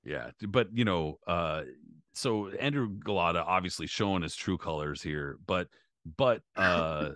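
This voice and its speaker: A man's voice: low-pitched, a little slow, bright, forceful tone, no echo. A man co-hosting a boxing podcast, talking loosely with lots of swearing and filler words. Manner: loose, profane, many fillers. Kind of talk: casual chat.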